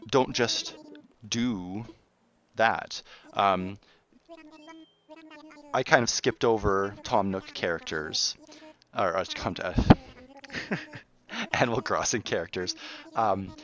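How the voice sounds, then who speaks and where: A man's voice: deep voice, fairly bright tone, no echo. A man, a game developer, explaining his work in a casual, rambling behind-the-scenes talk full of restarts. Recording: dull, muffled, dry sound.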